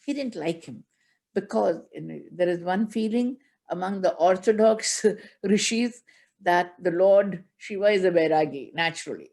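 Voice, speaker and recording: A woman's voice: fairly low pitch, moderate pace, a little mellow. Woman, spiritual teacher, religious discourse, verse chanting, storytelling explanation.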